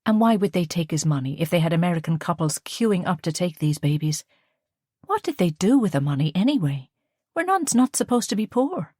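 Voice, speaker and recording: A woman narrating an audiobook in a measured storytelling manner. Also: on the low side, sing-song, warm tone, husky, no echo, clean studio sound. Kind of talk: scripted narration.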